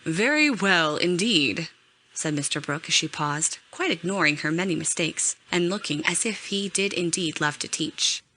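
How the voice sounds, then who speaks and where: A woman narrating a classic novel as an audiobook, reading in a measured, expressive way. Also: deep voice, husky. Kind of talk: scripted narration.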